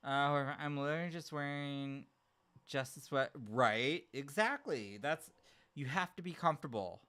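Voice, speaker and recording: A man hosting a casual livestream, answering chat comments in an animated, giggly way. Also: on the high side, moderate pace, clear, resonant tone. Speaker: livestream host reading chat.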